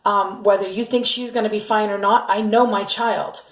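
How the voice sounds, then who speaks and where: A woman's voice: medium pitch, steady tone, normal speed. Indignant middle-aged woman, echoey room. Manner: urgent and indignant, many ums and restarts. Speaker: mother telling her family's story. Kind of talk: emotional first-person vlog.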